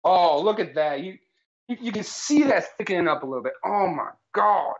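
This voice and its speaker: A man's voice: high voice, animated, fairly quick. A man co-hosting a jokey live cooking stream, explaining absurd facts in a mock-authoritative tone and tagging lines with "all right?". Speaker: cooking show co-host. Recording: slightly dull lo-fi stream audio.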